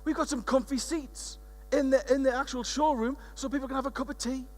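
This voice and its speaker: A man's voice: extremely high pitch, fairly even intonation, fairly quick, voice pushed up. A man quoting a proud woman who owns an upmarket shop, told in an earnest, matter-of-fact way in his own voice. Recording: reverberant conference hall.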